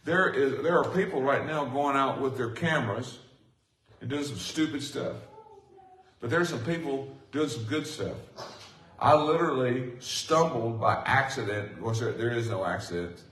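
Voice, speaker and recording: A man preaching a sermon as pastor, speaking with rising passion and excited emphasis. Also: medium pitch, normal speed. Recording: echoey room from far off.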